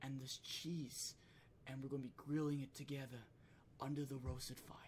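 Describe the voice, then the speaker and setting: A man's voice: on the high side, lively intonation, normal speed, sharp tone. A man putting on a put-on British accent to parody a brash celebrity chef, with exaggerated, crude mockery. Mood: mock-gentle.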